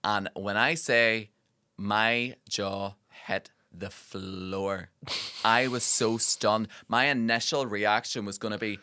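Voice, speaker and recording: Bright, punchy man. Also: fairly low pitch, takes it slowly, clear, resonant tone, no room sound, clean studio sound. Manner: animated storyteller, swears freely, frequent fillers. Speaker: podcast co-host. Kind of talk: casual chat.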